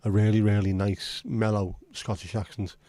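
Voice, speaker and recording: Male livestream host, rambling and blunt, mellow low voice, dry close sound. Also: flat delivery, moderate pace, no echo. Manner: rambling, chatty, blunt with occasional swearing. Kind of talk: casual livestream chat.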